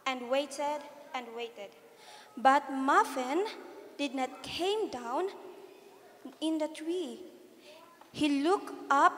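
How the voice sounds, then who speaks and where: A woman reads a children's story aloud in church, slow and deliberate, now and then stumbling over words. Her voice is high and bright. The long reverb of the hall hangs on every phrase.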